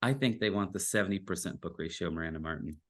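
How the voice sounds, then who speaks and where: A man's voice: deep voice, quick pace, slightly rough. A man hosting a sales podcast, talking loosely and self-deprecatingly in casual chat. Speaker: podcast host.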